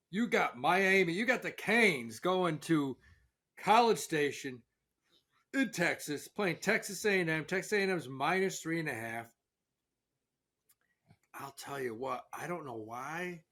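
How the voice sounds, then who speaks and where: A man's voice: on the high side, a bit bright. A man hosting a casual sports betting talk show, talking brashly and swearing as he shares gut-feeling picks. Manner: brash, swearing, hedging hunches. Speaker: host.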